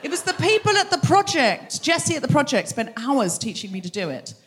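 A woman's voice: high voice, big pitch swings, fairly bright tone. Teasing woman hosting a live comedy show. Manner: teasing, chatty crowd work with quick asides. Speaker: host. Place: theatre stage before a live audience. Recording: live theatre recording with audience noise.

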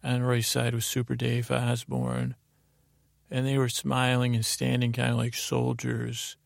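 A man's voice: medium pitch, gravelly, no room sound, clean studio sound. A man hosting a podcast, telling a meandering bedtime story full of ums and restarts. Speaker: podcast host.

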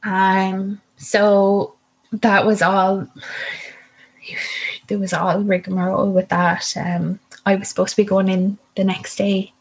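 Young woman, breathy and husky, telling her own story and performing every line of dialogue. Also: medium pitch, flat delivery, takes it slowly, poor audio. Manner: vivid, acts out the voices in her story. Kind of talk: personal storytelling.

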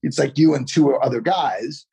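Gravelly, husky-voiced male storyteller. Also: medium pitch, normal speed. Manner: animated, heavy on "you know" fillers. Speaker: actor guest. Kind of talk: casual storytelling.

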